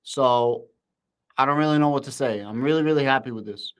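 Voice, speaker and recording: A man hosting a live stream, shouting with excitement in casual slang and answering viewers' comments. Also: medium pitch, fairly quick, smooth. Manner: shouting, hyped, slangy, reads chat aloud.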